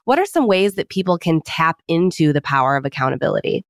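Podcast host asking short questions. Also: male voice, on the high side, very animated, quick pace, fairly bright tone, no echo, studio quality. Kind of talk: interview questions.

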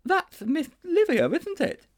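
A man doing a high, eager schoolboy. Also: huge pitch swings, slow, darkish tone, exaggerated voice.

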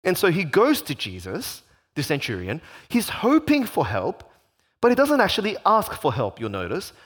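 A man's voice: on the high side, huge pitch swings, moderate pace, fairly bright tone, husky. A man preaching a sermon, repeating phrases for emphasis and posing rhetorical questions. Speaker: pastor.

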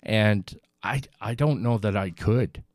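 Podcast host guy, slow and thoughtful, smooth lowish voice, dry sound. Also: a little mellow, dry recording. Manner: halting, thoughtful, restarts often. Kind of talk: casual podcast conversation.

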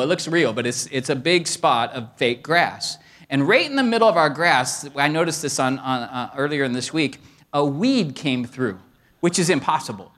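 Lively, excitable middle-aged male preacher. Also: a little high. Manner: preaches with rising excitement, shouting at peaks; tells stories about his wife with humor. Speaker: pastor. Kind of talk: sermon.

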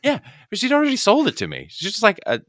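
A man from the United States, an actor guest, chatting casually and telling stories with lively quoted voices. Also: high-pitched, fast talker, no echo, clean studio sound. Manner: animated storyteller, acts out quoted voices. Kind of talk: casual podcast chat.

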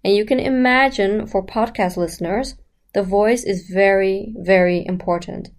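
A woman's voice: mid-range voice, moderate pace. A woman teaching about the voice in a chatty, explanatory way, speaking straight to the listener and asking rhetorical questions. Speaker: voice coach. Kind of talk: casual explanatory lesson.

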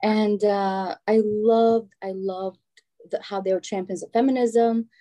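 A woman's voice: medium pitch, fairly even intonation, a little slow, mellow. A middle-aged woman from Albania, talking as a guest in a casual conversation and telling stories frankly and with animation.

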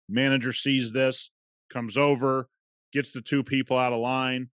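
A man's voice: mid-range voice, fairly even intonation, normal speed, a bit bright, dry recording, clean studio sound. A man hosting a podcast, telling a story in a conversational, emphatic way. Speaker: podcast host. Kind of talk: casual podcast monologue.

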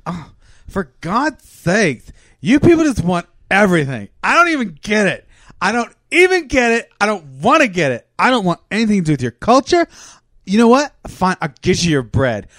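A man's voice: sing-song, moderate pace, hardly any pauses, no echo, studio quality, natural voice. A man voicing an irritable male camel jail guard who rants in exasperation. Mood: exasperated ranting. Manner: exasperated, ranting, rising to shrill.

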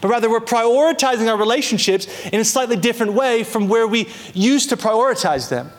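A man's voice: very high-pitched, expressive, brisk. A young adult man preaching a sermon as pastor, emphatic, drawing out key phrases and repeating words, acting out quoted lines. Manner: acts out voices in quoted prayers and asides.

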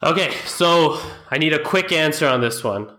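A man co-hosting a sports podcast, agreeable and quick with short back-channel replies. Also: on the high side, expressive, sharp tone. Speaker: podcast co-host. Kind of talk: casual sports chat.

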